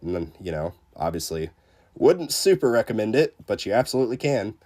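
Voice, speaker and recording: A man with a deep, low voice talks casually to his livestream viewers while fighting a cold. He sounds congested and under the weather. His speech rambles along in a relaxed way, full of fillers. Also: a little fast. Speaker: game streamer reading chat.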